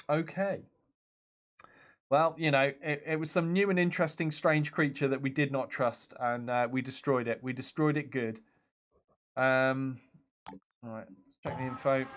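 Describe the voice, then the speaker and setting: Man streaming a game, casual chatty commentary, laughs often, mid-pitched voice, reads chat messages aloud. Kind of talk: casual let's-play commentary.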